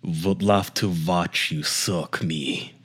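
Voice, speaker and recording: A man voicing a creepy grown man, reading chat messages slowly in a leering, vampire-like accent. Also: low voice, steady tone, husky, full character voice. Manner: slow, drawn-out, leering delivery with an accent likened to a vampire's.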